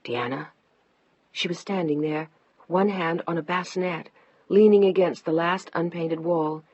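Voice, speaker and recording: A woman narrates a novel in a steady, scripted way, hushing in tense moments. Her voice is very low and husky. The dry recording sounds dull and lo-fi. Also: normal speed, no echo. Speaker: audiobook narrator.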